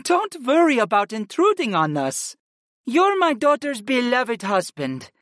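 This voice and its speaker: A man voicing a gentle, formal middle-aged mother, the wife of a clan chief, who speaks slowly and softly. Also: very high-pitched, wildly swooping pitch, dry recording, clean studio sound, voice pushed up, full character voice. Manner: slow, soft, formal and welcoming.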